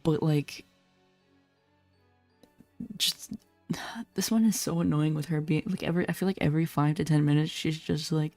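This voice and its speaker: A woman streaming a horror game, chatting casually and bluntly, swearing and laughing often, her voice a little hoarse. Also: low-pitched, steady tone, moderate pace, a little mellow, no room sound, soft background music. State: slightly hoarse. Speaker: VTuber streamer. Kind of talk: casual gameplay commentary.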